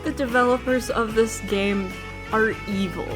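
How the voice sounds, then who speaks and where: A woman's voice: on the high side, steady tone, a little slow. A young adult woman casually commenting on a story game as she streams, reacting dramatically and swearing now and then. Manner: dramatic, swears, loud outbursts and laughs. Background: game music.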